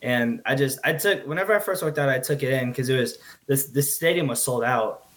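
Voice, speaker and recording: A young man, a rugby player, answering interview questions in an earnest, halting way. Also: medium pitch, fairly bright tone. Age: young adult. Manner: earnest, halting, repeats words. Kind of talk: casual interview.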